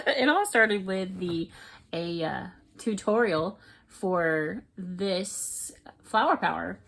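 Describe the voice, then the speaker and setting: A woman, a crochet vlogger rambling excitedly in casual chat to her viewers. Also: mid-range voice, slow pace, vocal fry. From Florida, US.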